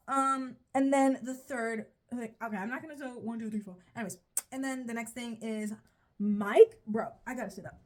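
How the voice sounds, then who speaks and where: A woman's voice: on the high side, fairly quick. A young woman giving a casual, rambling, profane video commentary, often stopping mid-sentence and laughing at herself. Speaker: video creator reviewing a show.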